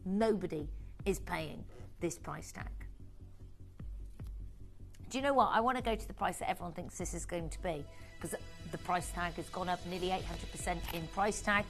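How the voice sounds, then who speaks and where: A woman's voice: lowish voice, normal speed, creaky, long pauses, faint music behind. A woman presenting a live TV shopping sale, bubbly and chatty, often repeating her phrases. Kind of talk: live TV sales pitch.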